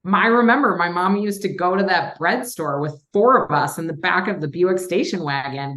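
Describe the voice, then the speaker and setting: This Minnesota woman invests in real estate and chats casually on a podcast, acting out her phone calls as she tells her stories. Her voice is on the low side and a bit bright.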